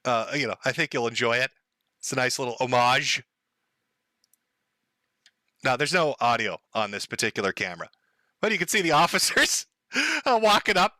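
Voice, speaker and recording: A man's voice: mid-range voice, expressive, normal speed, pauses often, sharp tone, no echo, studio quality. A man hosting a live stream, giving sarcastic, mocking commentary and laughing often.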